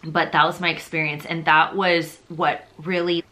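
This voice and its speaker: A woman's voice: sits low, level tone, normal speed, bright, forceful tone. A young woman telling her personal faith testimony in a casual, rambling way, full of fillers and open emotion. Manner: chatty and rambling, heavy on fillers like "like" and "you know"; openly emotional, confessional.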